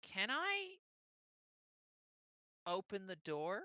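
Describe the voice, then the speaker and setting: Animated player with a lively voice. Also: medium pitch, extremely slow, no room sound. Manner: animated, hesitant, self-interrupting. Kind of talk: tabletop game play.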